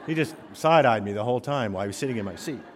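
A man's voice: medium pitch, very fast, slight background noise. A man preaching in a church sanctuary, his voice swinging up and down as he tells stories and drops punchy asides. The long reverb of a big hall trails after every line. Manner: animated storytelling with punchy asides. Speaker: pastor. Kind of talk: sermon.

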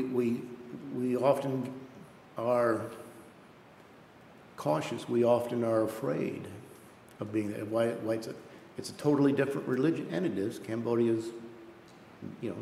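A man's voice: vocal fry, mellow. A man preaching a missionary sermon in an earnest way, often repeating words as he builds a point. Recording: echoey hall with faint rumble.

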